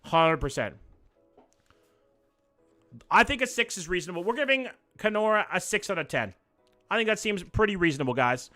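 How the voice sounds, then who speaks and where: A man's voice: high voice, lively intonation, normal speed, pauses often, pushed and bright, faint music behind. A young man hosting a live reaction stream, chatting loosely with viewers, swearing and joking as he reacts to what he sees. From Canada. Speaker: livestream host.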